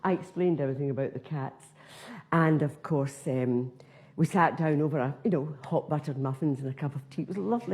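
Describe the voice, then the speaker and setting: Scottish woman, comedian, lower voice, broad earthy storytelling, acts out voices. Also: lively intonation, normal speed, a little mellow. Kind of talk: comic storytelling monologue.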